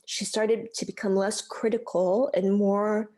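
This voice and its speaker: A woman's voice: medium pitch, little pitch movement, unhurried, mellow. An American woman in her thirties, a podcast guest telling a personal story in a candid, heartfelt way, full of "like" and "you know". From United States.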